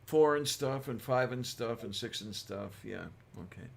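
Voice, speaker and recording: A woman co-hosting a casual chat, chiming in slowly with laughs and supportive remarks. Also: rumbling low, creaky. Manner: slow, laughing, supportive interjections.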